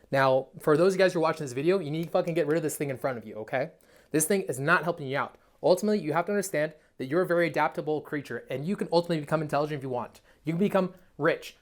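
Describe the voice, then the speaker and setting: A young man, a dating coach, giving a blunt, profane, emphatic motivational monologue. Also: a little high. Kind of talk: motivational self-help monologue.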